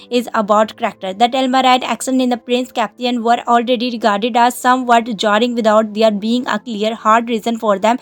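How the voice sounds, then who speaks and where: A woman reading a scripted film commentary, halting often with "uh" pauses. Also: on the high side, fairly even intonation. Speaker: narrator.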